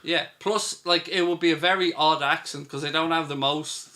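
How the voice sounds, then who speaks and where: A man's voice: on the high side, steady tone, moderate pace, bright, forceful tone. A man from Ireland with an Irish accent, hosting a live football watchalong and chatting through viewer questions. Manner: chatty, reads out viewer questions and answers them. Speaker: host.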